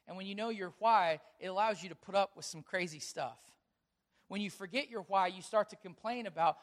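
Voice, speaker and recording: A man, a pastor, preaching a sermon that opens with a lively personal story told through quoted dialogue. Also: high-pitched, brisk. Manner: storytelling, animated, quoting others in dialogue.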